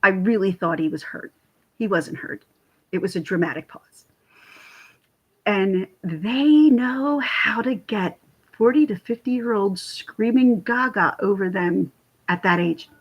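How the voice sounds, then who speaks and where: Husky-voiced woman in her forties. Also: mid-range voice, dull audio. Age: 40s. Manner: rambling, animated storytelling. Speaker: vlogger chatting with live viewers. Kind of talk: casual livestream chat. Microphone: computer mic.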